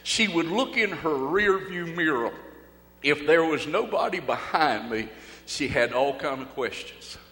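A male preacher tells a story in a sermon, speaking folksy and dramatic with pauses and swings from loud to hushed. It is recorded in an echoey hall. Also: on the high side, expressive. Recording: echoey hall with faint hum.

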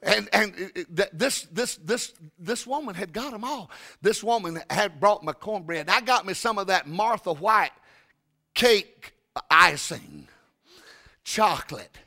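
A man preaching a sermon, telling a story with stammering restarts and sudden loud bursts. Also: high voice, lively intonation, measured pace, gravelly.

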